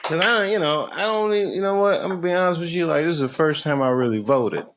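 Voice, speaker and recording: A man's voice: fairly high pitch, fast talker, very noisy. Profane male stand-up comic, live club. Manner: loose, profane, rambling anecdotes. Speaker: stand-up comedian. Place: comedy club stage.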